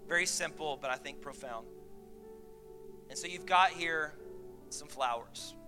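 A man's voice: a little high, measured pace, over music. A man preaching a sermon to his church, chatty with laughing asides, building to emphatic points. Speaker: pastor. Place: church sanctuary.

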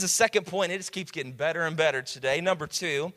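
A man in his thirties preaching a sermon, telling stories in a lively way with quick restarts and building to emphatic shouts. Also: fairly high pitch, big-room sound. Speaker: pastor.

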